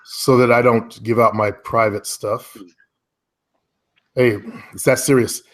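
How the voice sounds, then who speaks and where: A man coaching a client in online marketing over a casual call from home, relaxed and rambling, often correcting himself. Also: medium pitch, slow.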